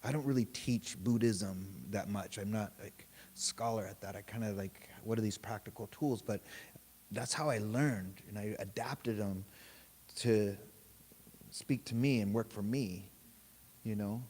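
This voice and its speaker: A man leading a meditation group, telling a story in a relaxed, casual way, swearing freely and laughing often. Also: lowish voice, unhurried, breathy edge. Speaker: meditation teacher. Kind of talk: casual dharma talk.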